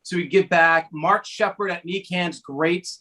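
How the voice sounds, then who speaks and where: A man from New Jersey talking as a guest on a talk show in an energetic, chatty way. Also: high-pitched, a little slow. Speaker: guest speaker. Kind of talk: conversational interview talk.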